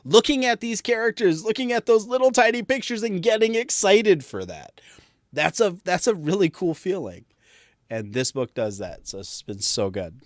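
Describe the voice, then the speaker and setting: A man's voice: high voice, no echo, studio quality. A man on a panel livestream, talking casually and animatedly about comics, swearing freely and laughing between phrases.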